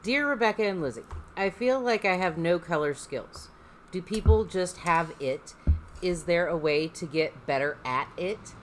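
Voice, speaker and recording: A woman co-hosting a casual chat, reading listener letters in a dry, low-key way. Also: slight background noise, poor audio. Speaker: co-host.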